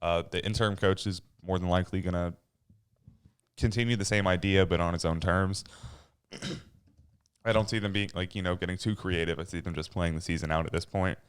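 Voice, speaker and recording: Easygoing man with a smooth low voice. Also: a little fast, pauses often. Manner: relaxed, thoughtful, easygoing. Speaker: podcast co-host. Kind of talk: casual sports chat.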